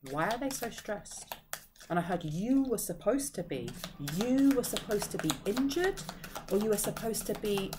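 A woman's voice: medium pitch, background noise. A woman giving an intuitive tarot reading to her viewers, rambling and searching for words with frequent sighs. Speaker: tarot reader and medium.

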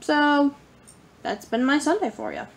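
Brief: young woman vlogger, slow and rambling, a little high-pitched, playful diary chat. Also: wildly swooping pitch, vocal fry. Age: young adult. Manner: rambling and playful, lots of "like" and "y'all". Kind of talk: casual vlog diary.

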